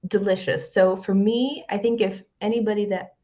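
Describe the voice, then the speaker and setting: A woman's voice: medium pitch, normal speed. A young American woman chatting as an interview guest, telling stories and acting out the voices of people she quotes. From United States. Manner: lively storyteller who acts out quoted voices. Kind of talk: casual interview chat. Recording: dull lo-fi audio.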